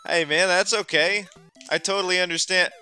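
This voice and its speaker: A man streaming a game, chatting casually, animated and exclamatory, and laughing often. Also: high-pitched, normal speed, clean tone, soft background music. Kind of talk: casual gameplay chat.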